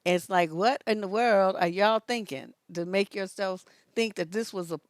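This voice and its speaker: A woman relationship coach hosting a casual live stream, telling stories in an animated way and laughing often. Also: mid-range voice, moderate pace, dry recording, studio quality. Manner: animated storytelling, laughs often, rises to loud peaks.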